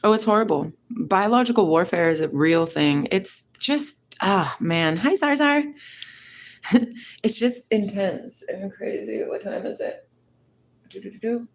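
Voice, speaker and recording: A middle-aged woman hosting a live stream, chatting casually with viewers and asking rapid, rambling questions. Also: mid-range voice, animated. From United States. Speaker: livestream host. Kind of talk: casual live chat answering viewer comments.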